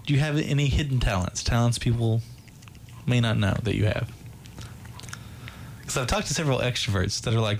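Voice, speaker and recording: A man's voice: mid-range voice, fairly quick, gravelly, a little hiss or hum. A man hosting a podcast, asking interview questions in an upbeat way and often repeating words. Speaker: podcast host.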